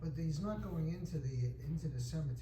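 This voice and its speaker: A man's voice: on the high side, expressive, fast, background noise. Distant student man in a roomy class.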